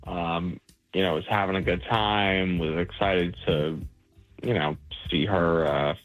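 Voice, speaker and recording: A man's voice: sits low, fairly even intonation, a little slow, phone-quality sound, faint music behind. Stammering man on a radio call. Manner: embarrassed, stammering. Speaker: caller.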